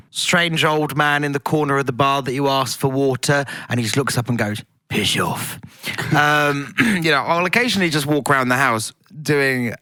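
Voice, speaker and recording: A man's voice: mid-range voice, bright, forceful tone, clean tone, no echo, studio quality. A man chatting as a podcast guest, giggly and theatrical, often slipping into silly voices. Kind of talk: casual chat.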